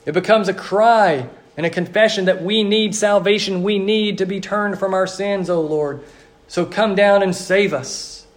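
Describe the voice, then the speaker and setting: A man delivers a sermon as a pastor, his voice sitting noticeably high. He speaks earnestly in a repetitive liturgical cadence, slowing down on emphatic phrases.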